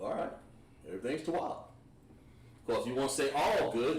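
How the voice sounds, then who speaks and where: A man's voice: on the low side, fairly quick. A man teaching an online language class, explaining step by step as he writes on a board. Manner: relaxed, explains step by step while writing on a board. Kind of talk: online class lesson at a whiteboard. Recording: echoey room, mic at a distance.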